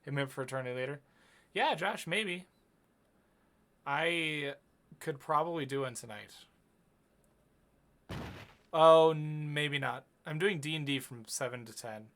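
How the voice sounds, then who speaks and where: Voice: medium pitch, a little slow, long pauses, a bit bright. A streamer chatting casually and reacting with joking asides while playing a game. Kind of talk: casual let's-play commentary. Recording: game music underneath.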